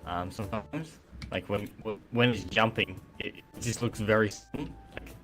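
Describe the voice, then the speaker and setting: A man chatting casually on a gaming stream, halting and searching for words with many ums. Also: lowish voice, lively intonation, a bit bright. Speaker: streamer testing a game mod. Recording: faint music behind.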